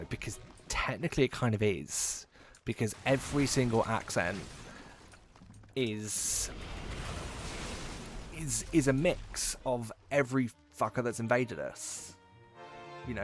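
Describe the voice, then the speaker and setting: A man with a mixed Essex and Midlands English accent, chatting casually and jokingly with his live-stream chat while playing a game. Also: mid-range voice. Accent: mix of Essex and Midlands English. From England.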